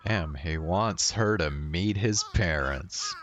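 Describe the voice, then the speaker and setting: Deep-voiced guy reading a visual novel out loud, slow, swears now and then. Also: lively intonation. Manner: casual, swears, reads text aloud. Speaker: game player.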